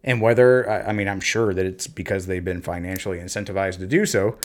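A man in casual conversation, telling parenting stories and acting out talks with his kids in lively bursts. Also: low voice, brisk. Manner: animated storyteller, acts out talks with his kids. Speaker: podcast co-host, parent. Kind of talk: casual chat.

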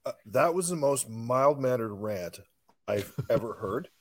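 A man's voice: mid-range voice, expressive, unhurried. A married man co-hosting a podcast, talking in an emphatic, sarcastic way in casual chat. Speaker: podcast co-host.

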